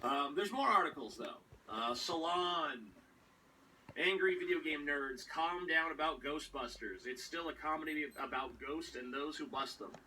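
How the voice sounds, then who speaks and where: A man's voice: on the high side, measured pace, pushed and bright, slight background noise, rough recording. A man hosting a show, ranting sarcastically and with a lot of swearing. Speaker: show host. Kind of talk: ranting commentary.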